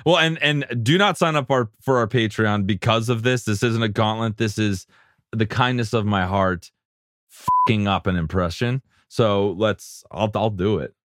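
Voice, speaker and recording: A man's voice: on the low side, moderate pace, fairly bright tone, no echo, studio quality. A man co-hosting a sports podcast in frank, casual chat, swearing freely. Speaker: podcast co-host.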